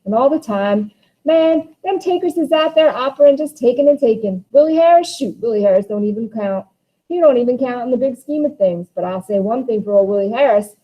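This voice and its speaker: A woman's voice: fairly high pitch, animated, brisk, warm tone, voice pushed up. A woman reading Walter, a bitter, impassioned young man. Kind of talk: dramatic play reading. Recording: dull lo-fi recording.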